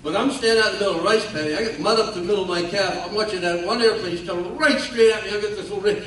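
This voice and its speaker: A man's voice: high voice, racing, few pauses, fairly bright tone. Older man telling a war story in an echoey hall. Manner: folksy, self-mocking humor with laughs. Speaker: guest speaker. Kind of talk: storytelling speech. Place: large hall at a ceremony. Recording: echoey hall from far off, faint noise.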